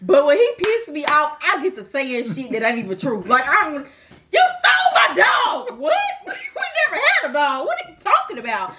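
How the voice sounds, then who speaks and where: High, lively young woman telling a story. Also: a little fast, few pauses, very noisy. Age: 20s. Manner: animated, talks straight to viewers. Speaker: vlogger. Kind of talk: casual storytime chat.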